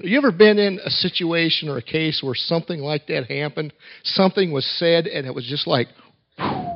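A man preaching to a congregation, telling stories and letting key lines drop to a hush before his voice climbs again for emphasis. His voice sits a touch high. The recording is dull and lo-fi. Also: huge pitch swings. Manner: storytelling with quiet pauses, rising for emphasis. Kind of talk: sermon with told stories.

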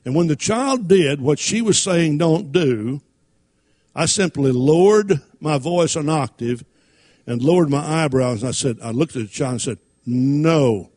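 A man's voice: on the high side, expressive, normal speed, darkish tone. A man preaching a sermon, reading King James scripture and using folksy everyday stories.

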